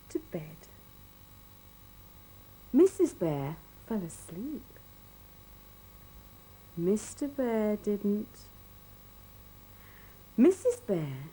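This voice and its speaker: A woman reading a children's story aloud in an expressive, sing-song, playful way. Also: medium pitch, drawn-out words, pauses often, slightly rough, low-quality recording.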